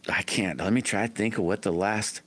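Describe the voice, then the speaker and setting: A man's voice: lowish voice, a little fast, a bit bright. A middle-aged man hosting a livestream, chatting casually with viewers in a folksy, rambling way full of restarts. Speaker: livestream host.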